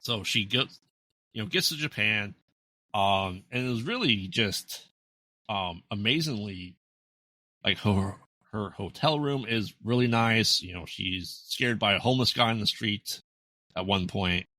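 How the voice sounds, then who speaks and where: An American man with a deep, bright-edged voice rambles through a movie recap on a podcast, full of fillers and restarts. The recording is dry and close, with no room sound. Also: lively intonation, a little slow, no room sound. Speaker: podcast co-host. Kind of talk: casual movie recap chat.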